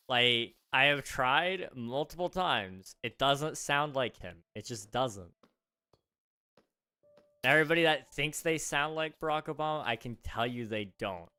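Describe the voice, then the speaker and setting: A man's voice: medium pitch, bright, forceful tone, smooth. A man chatting casually with his viewers on a live game stream, joking and repeating himself as he plays. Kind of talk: casual live-stream chat while gaming.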